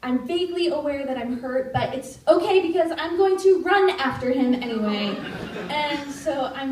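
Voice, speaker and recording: Young woman telling a story live on stage, kinda high voice, gets loud on the quotes, roomy sound from far off. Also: normal speed. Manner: animated, shouting out quoted lines.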